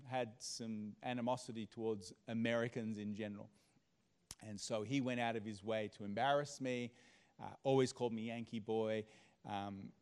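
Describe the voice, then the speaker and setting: Male pastor, animated sermon storyteller, hushed-to-loud delivery. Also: mid-range voice, clear, resonant tone. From Australia.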